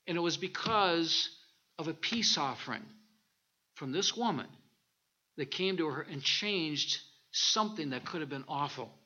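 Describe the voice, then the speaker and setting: A minister preaching a sermon in a high, piercingly bright voice. He tells stories and reads scripture with lively animation. The recording sounds dull and lo-fi. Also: unhurried.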